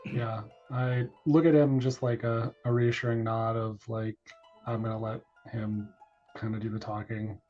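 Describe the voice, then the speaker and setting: A man playing in a tabletop game, speaking in a hesitant, halting way. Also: fairly low pitch, level tone, warm tone. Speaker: player. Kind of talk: tabletop role-play. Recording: muffled with faint music.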